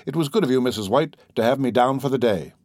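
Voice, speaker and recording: A man's voice: medium pitch, animated, quick pace, a little mellow, dry recording, clean studio sound, lightly acted. A man reading the lines of a pompous college instructor with a heavy, self-important way of talking.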